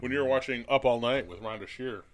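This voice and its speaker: A man's voice: mid-range voice, quick pace, slight background noise. A man co-hosting a podcast, giving opinions in rambling casual chat. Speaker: podcast co-host.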